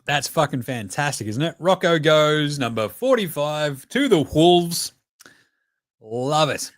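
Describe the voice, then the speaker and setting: An Australian man in his thirties reacting live as a host, profane and excitable, cheering and chanting at the screen between chatty stories. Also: fairly high pitch, slow pace, no room sound, clean studio sound. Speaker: podcast host.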